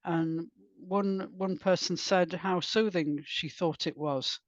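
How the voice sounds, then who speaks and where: A woman from Wales, an author and poet speaking softly in a podcast interview and reading her poems slowly. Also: on the low side, fairly even intonation, dry recording. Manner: soft, unhurried, lyrical reading. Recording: dull lo-fi dry sound.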